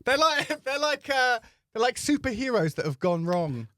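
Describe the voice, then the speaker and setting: A bright, lively male voice with a pitch that jumps all over as he spins a funny story. He acts out the people in it in a casual podcast chat, recorded close and dry. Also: moderate pace, no echo. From England. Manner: animated, acts out voices in anecdotes. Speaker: podcast co-host.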